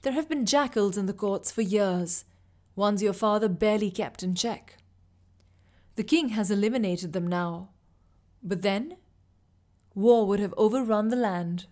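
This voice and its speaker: A dying master assassin, voiced by a woman reader, speaks in a soft, measured way. Each line is slow and heavy with sorrow. There is no bluster, only quiet weariness. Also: medium pitch, lightly acted. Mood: sorrowful. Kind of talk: audiobook character voice.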